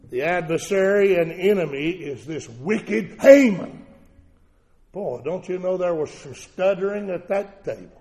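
A man preaching a sermon in a church service, telling the story dramatically, moving from hushed to shouting. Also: high-pitched, animated, unhurried. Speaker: pastor. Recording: long church hall reverb.

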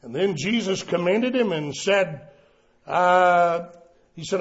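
A male preacher delivers a sermon, swinging between loud cries and hushed tones. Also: high voice, sing-song, slow, dull audio.

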